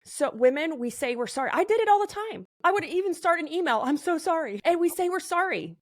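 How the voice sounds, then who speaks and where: Animated woman podcast host. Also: very high voice, fairly quick, no room sound. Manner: animated, emphatic. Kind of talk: conversational interview.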